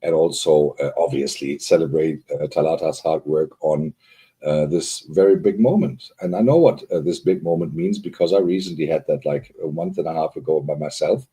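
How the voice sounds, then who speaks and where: A man with an extremely low, warm voice and a breathy edge co-hosts a live online party at normal speed. He chats loosely with plenty of fillers, rambling and upbeat as he greets viewers arriving on the stream.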